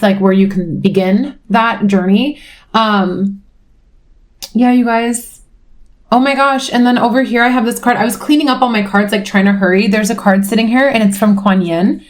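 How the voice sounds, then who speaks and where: A young woman talks through a tarot reading in a loose, rambling way, full of "like" and "you know." Her mid-pitched voice turns tender and emotional, and she swears casually. She often drifts into asides mid-sentence. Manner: rambling, emotional, swears freely, frequent "like" fillers. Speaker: tarot reader. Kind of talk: casual spiritual chat.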